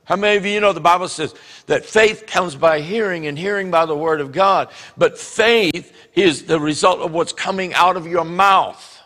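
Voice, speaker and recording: A man preaching a sermon as pastor, animated and acting out the voices he quotes. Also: sits high, normal speed, big-room sound. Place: church sanctuary.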